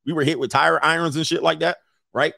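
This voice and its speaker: A man's voice: a little high, fairly quick, creaky, no echo, studio quality. A middle-aged man giving casual, profane commentary while reading an article aloud, laughing often and slipping into mocking impressions. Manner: blunt, profane, with frequent laughter; animated, swings into mocking impressions.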